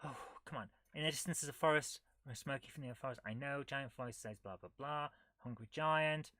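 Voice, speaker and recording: Her bass voice is a bit bright and a little fast, captured at studio quality without echo. She's a woman hosting a retro game playthrough, reading on-screen text aloud and tossing in wry, jokey remarks.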